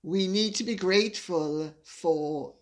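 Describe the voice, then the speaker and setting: A woman's voice: fairly low pitch, slow pace. An older woman hosting her channel, reading viewer messages aloud and laughing often as she reads. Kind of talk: casual chat.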